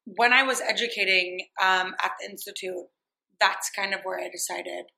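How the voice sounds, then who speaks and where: A woman from Ohio chats as a podcast guest into a close studio mic. Her voice is bright and sharp with a gravelly, creaky edge. She talks in an animated, self-mocking way and laughs often. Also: mid-range voice, moderate pace, low-quality recording. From Ohio, USA. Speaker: podcast guest, licensed cosmetologist working as a barber. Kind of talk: casual podcast interview. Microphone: close studio microphone.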